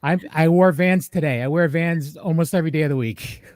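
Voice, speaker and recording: A man with a Massachusetts accent hosting a live horror podcast, chatting casually with friendly, halting speech. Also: fairly high pitch, darkish tone, no room sound, studio quality. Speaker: podcast host. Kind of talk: casual live show chat.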